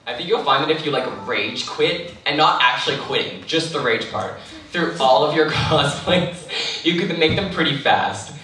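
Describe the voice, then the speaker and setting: Laid-back guy on a con panel, lively bright voice, sounds far off in a big echoey hall. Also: a little high, moderate pace. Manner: chatty, laughs often, swears casually. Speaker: cosplay panel guest. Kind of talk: casual Q&A answers.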